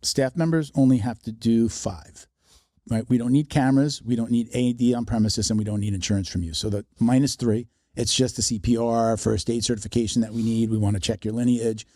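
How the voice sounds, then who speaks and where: A man's voice: medium pitch, fairly even intonation, fairly quick, mellow, no echo, clean studio sound. A man in casual podcast chat, giving long rambling explanations and acting out quotes.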